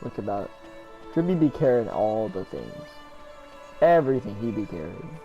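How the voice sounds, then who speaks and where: A man's voice: fairly low pitch, sing-song, normal speed, muffled recording, over music. A man giving goofy, rambling commentary while playing a video game, swearing freely as he talks. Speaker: let's-play gamer. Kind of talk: casual gameplay commentary.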